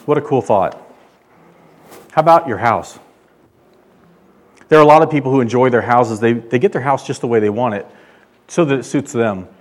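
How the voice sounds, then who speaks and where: Male pastor, emphatic sermon delivery, mid-pitched voice, swells in volume on key lines. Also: normal speed, pauses often. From California. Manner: emphatic preaching, loud when quoting God.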